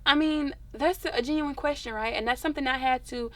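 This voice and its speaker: A young woman, a singer telling stories in a casual interview, expressive and animated. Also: high voice, a little fast, no echo. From Dallas, Texas.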